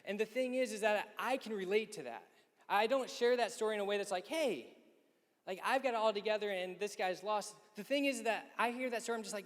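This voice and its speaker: High-voiced man telling a story in a hall. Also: fairly quick. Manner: lively storyteller who acts out quoted people. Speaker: speaker at a youth conference men's session. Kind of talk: storytelling talk. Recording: echoey hall.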